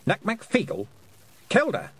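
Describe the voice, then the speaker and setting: A stern elderly woman witch, voiced by a man, fires off curt, clipped questions. The voice is pitched well above his own with a husky grain and wide jumps. This is storybook character reading. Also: wildly swooping pitch, a little slow, full character voice.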